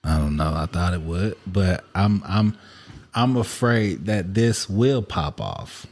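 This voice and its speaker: A man's voice: sits low, lively intonation, slow pace, a little mellow. A man hosting a podcast in loose, slangy casual chat, candid and repetitive. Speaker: podcast host.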